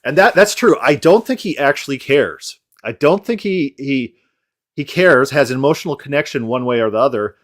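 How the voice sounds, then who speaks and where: A man's voice: medium pitch, expressive, normal speed. Sarcastic man chatting on a podcast. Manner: sarcastic, mocking impressions in quotes. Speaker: podcast host. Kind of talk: casual commentary chat.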